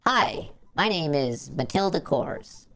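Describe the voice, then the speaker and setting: A man's voice: a little high, sing-song, slow pace, bright, forceful tone, voice pushed up, exaggerated voice. A man using a voice changer to sound like a girl, and the result comes out robotic. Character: girl persona, young woman, half robot.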